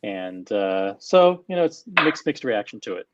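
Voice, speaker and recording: A man on a casual panel, giving his view in a measured, slow, hedging way with many fillers. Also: on the low side, very animated, muffled recording, heavy background noise. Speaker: panel guest.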